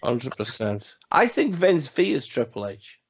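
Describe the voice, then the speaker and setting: A man's voice: mid-range voice, sing-song, slow pace, slight background noise. A man co-hosting a casual wrestling podcast, talking in a rambling, profane way with emphatic repeats. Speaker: podcast co-host.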